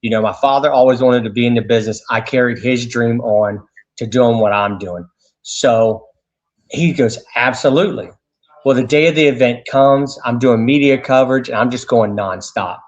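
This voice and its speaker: A man tells his stories in an animated way, with lots of "you know" and restarts. His voice sits in the middle range. The audio sounds a bit dull and lo-fi. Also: medium pitch. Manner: animated anecdotes with many fillers and restarts. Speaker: radio show host, interview guest. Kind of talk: casual storytelling interview.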